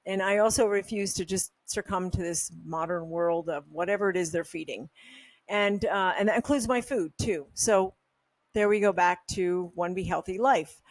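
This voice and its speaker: A woman's voice: lowish voice, moderate pace, no echo. A woman hosting a health vlog, talking casually in a candid, opinionated, rambling way. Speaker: health supplement brand host. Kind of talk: casual talking-head monologue.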